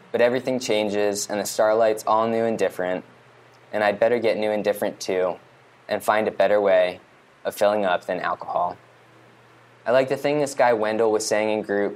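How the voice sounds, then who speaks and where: Wry man telling a rambling monologue. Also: lowish voice. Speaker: storyteller. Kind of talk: first-person monologue reading.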